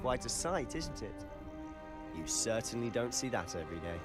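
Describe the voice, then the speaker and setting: A man's voice: medium pitch, big pitch swings, normal speed, natural voice. A man voicing a wry, self-assured boy wizard. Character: confident teenage boy wizard student. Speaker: student companion. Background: game music.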